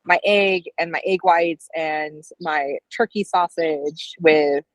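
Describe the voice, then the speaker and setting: A woman's voice: sits low, takes it slowly, no echo, low-quality recording. A woman co-hosting a casual live stream, a dietetics student who talks in chatty, meandering stories full of fillers. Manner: chatty storyteller, many "like"s and restarts.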